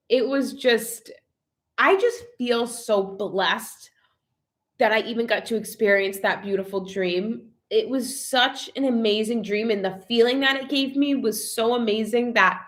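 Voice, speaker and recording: A woman's voice: fairly high pitch, unhurried, fairly bright tone. A young adult woman vlogging in casual live chat, emotional and full of "like" fillers as she reads viewer comments. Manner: chatty and emotional, many "like" fillers.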